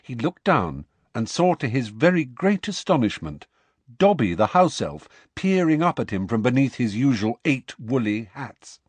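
A man narrating an audiobook in an expressive, measured storytelling manner. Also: medium pitch, slightly rough, no room sound. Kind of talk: scripted narration.

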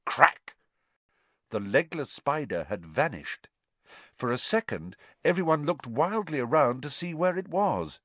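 A man narrating a story in a dramatic, expressive reading style. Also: on the high side, normal speed, no room sound. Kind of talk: audiobook narration.

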